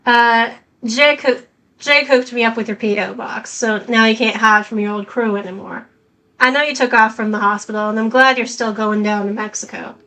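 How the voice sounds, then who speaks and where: A woman voicing a young female drifter reading her letter aloud in a put-on Southern US accent, halting as she reads. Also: a little high, steady tone, bright, forceful tone, poor audio. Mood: affectionate.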